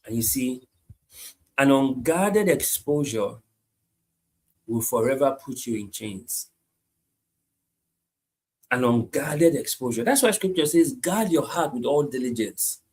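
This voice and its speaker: A man preaching a sermon, repeating his points emphatically and moving between hushed lines and loud climaxes. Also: mid-range voice, animated, takes it slowly, pauses often. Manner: repetitive, emphatic, swings from hushed to shouting.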